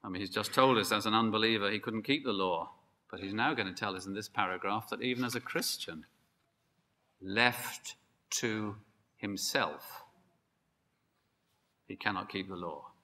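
A man preaching a sermon, emphatic and building to excited peaks. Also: fairly low pitch, fast. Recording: long hall reverb.

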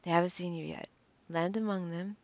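A woman's voice: lowish voice, steady tone, a little fast, creaky, darkish tone. A woman voicing a protective mother dragon who gives urgent, commanding orders, on a dull lo-fi recording.

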